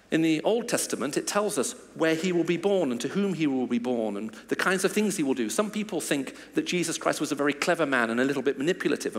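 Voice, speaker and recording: A man giving a sermon, reading scripture and then retelling the story with emphasis. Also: on the high side. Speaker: preacher. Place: church hall. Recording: long reverb of a large church.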